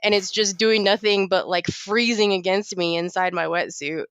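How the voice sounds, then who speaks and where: A woman's voice: mid-range voice, steady tone, normal speed, a bit bright, clear, resonant tone, dry recording. A woman co-hosting a podcast, telling a story in a casual chat and laughing often as she goes. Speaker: podcast co-host.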